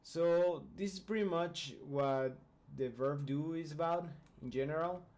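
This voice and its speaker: Mellow-voiced man teaching English grammar. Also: fairly high pitch, measured pace. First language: Spanish. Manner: patient, explains step by step and checks in with "right?". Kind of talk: explanatory video grammar lesson.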